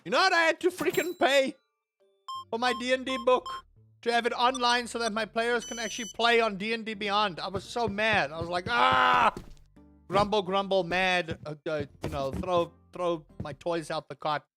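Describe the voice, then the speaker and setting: High-voiced rambling streamer guy. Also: moderate pace, soft background music. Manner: rambling, animated, lots of restarts and grumbling asides. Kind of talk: casual live-stream chat while playing.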